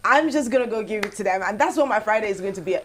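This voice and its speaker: A young woman co-hosting a breakfast show, her voice sitting at an ordinary middle pitch. She chats casually and animatedly, rising high with excitement and trading playful asides. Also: very fast, a crowd in the background. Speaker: morning show co-host. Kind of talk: casual morning show chat.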